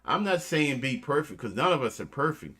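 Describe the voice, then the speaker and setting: A man's voice: mid-range voice, very animated, brisk, bright, forceful tone. A man hosting a casual show, joking around and giving motivational tips, calling his listeners family. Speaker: host.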